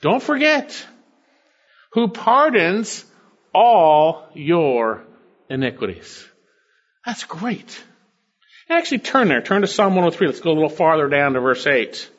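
A man's voice: fairly high pitch, expressive, moderate pace, a bit bright, lo-fi sound. An older man preaching a sermon, working through scripture verses and Greek word meanings with bursts of enthusiasm. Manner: expository preaching, quoting scripture and Greek words, with sudden swells of enthusiasm. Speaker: pastor.

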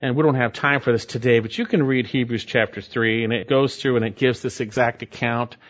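A man's voice: mid-range voice, fairly even intonation, fairly quick, dull audio. A pastor preaching an emphatic sermon, his voice climbing when he stresses a point.

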